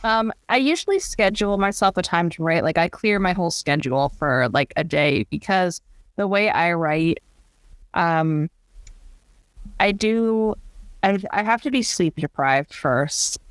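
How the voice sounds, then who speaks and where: A woman author chatting as a podcast guest, animated and acting out little quotes. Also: on the low side, clean tone, no echo. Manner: animated, acts out quotes in funny voices. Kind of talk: casual interview chat.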